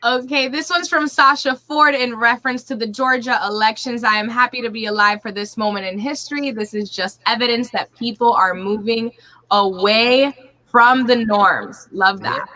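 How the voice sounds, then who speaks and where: A woman's voice: a little high, normal speed, pushed and bright, rough recording. A woman co-hosting a live show, reading viewer comments cheerfully. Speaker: co-host.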